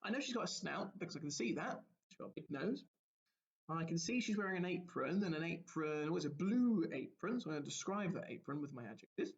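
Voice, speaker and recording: Guy teaching young kids a lesson, bit higher voice, gravelly, kinda muffled lo-fi recording. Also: animated, a little fast. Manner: gentle, storybook-like explaining with questions to children. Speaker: primary school teacher.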